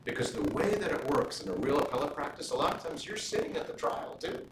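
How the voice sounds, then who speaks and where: A middle-aged man, a judge, talking casually with law students in a relaxed question-and-answer session, full of "you know" fillers and anecdotes. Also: a little high, fast talker. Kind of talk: casual Q&A talk. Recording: roomy, distant mic, room noise.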